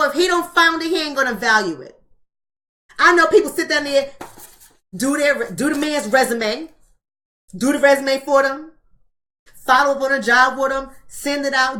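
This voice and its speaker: A woman hosts a live-streamed book club, preaching her points bluntly and hammering them home with repeated rhetorical questions. Her voice sits a little high and carries a bright, forceful edge.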